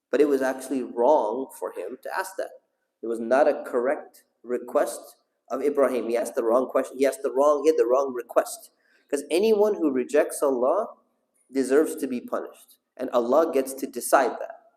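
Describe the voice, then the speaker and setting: A mid-range, mellow voice at normal speed belongs to a sheikh teaching a class in a mosque hall, where the sound echoes. His lesson is religious and narrative, and he asks the audience questions and calls on individuals.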